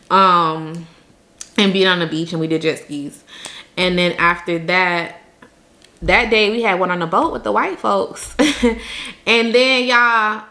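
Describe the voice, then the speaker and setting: Bright-voiced woman telling a wild story. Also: on the low side, gravelly. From Jamaica. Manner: animated, laughs often, talks straight to viewers. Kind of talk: casual storytime.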